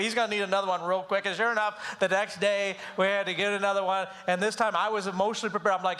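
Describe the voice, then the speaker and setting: Brief: male parenting teacher, quick and high-pitched, animated storyteller who acts out voices. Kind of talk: live church class talk.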